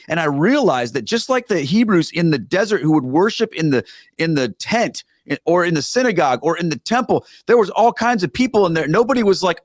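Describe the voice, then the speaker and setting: A middle-aged man, a former pastor, telling stories as a guest on a talk show in an earnest, emphatic way with animated asides. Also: fairly high pitch, fairly quick, no echo, studio quality. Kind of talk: conversational storytelling.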